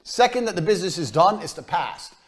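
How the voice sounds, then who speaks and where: A man giving a blunt, profane business lesson as a coach, mocking and forceful in his delivery. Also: sits high, very animated, a little fast.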